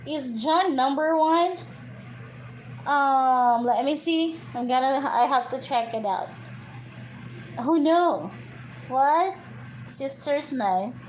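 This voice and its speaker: Slow-talking high-voiced Filipino woman. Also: darkish tone, a little hiss or hum, rough recording. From Philippines. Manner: slow, chatty and playful, coaxing her pet bird and thanking viewers. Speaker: vlogger hosting a livestream. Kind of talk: casual live chat.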